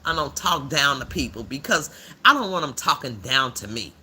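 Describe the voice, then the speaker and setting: Man playing blunt older lady streamer, bright voice, lively pitch, preachy and slangy. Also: moderate pace, breathy edge, exaggerated voice. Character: blunt older woman livestreamer, rough-edged. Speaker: livestream host. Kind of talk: livestream commentary.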